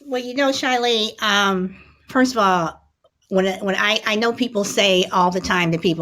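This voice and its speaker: A woman's voice: fairly low pitch, fairly even intonation, normal speed. A middle-aged woman hosting a panel discussion, speaking supportively to her guests. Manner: warm and supportive, addressing guests. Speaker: host.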